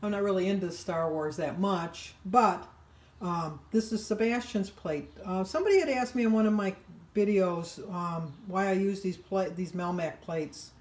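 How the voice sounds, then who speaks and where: An older woman talks to her camera from her home kitchen. She rambles cheerfully, pokes fun at herself and laughs easily, in a mid-pitched everyday voice. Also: normal speed, darkish tone. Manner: chatty, rambling, self-deprecating, often laughing. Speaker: vlogger. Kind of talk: casual diet vlog chat.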